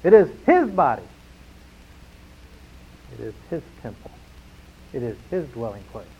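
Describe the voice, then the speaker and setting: A man preaching a sermon to his congregation, emphatic, slowing down and falling quiet on key phrases. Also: medium pitch, sing-song, husky. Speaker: pastor. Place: church sanctuary. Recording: dull lo-fi sound.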